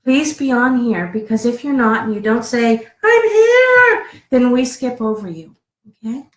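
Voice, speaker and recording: A woman's voice: a little high, moderate pace, darkish tone, roomy sound, poor audio. A woman co-hosting a live-stream card reading, chatty and laughing as she reads out names.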